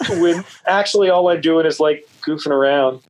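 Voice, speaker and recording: A man guest on an interview show, telling stories in a loose, rambling way with many "uh"s and repeated words, and lively jumps in pitch when he quotes people. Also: fairly quick, low-quality recording. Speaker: guest author. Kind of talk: casual interview storytelling.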